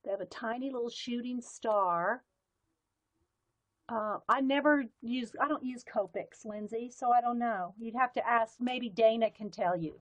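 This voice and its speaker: A woman's voice: on the high side, a little slow. A woman with a light Southern US accent, hosting a casual live stream and chatting as she demonstrates pens and markers, rambling and easily sidetracked. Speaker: livestream art host.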